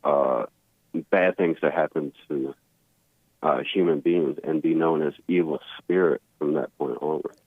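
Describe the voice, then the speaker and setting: A man calling in to a live show, earnest and halting, who often trips over his own words. His very low voice comes through a thin, tinny phone line with a dry sound. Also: steady tone, slightly rough, dry recording. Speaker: caller. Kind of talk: phone-in conversation.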